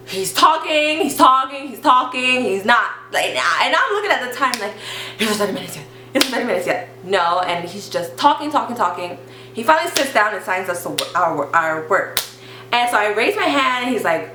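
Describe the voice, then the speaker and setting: Animated young woman telling a story. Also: on the high side, moderate pace. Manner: animated, acts out voices of teacher, nurse and mom. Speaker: vlogger. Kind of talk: casual storytime. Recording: echoey room with faint hum.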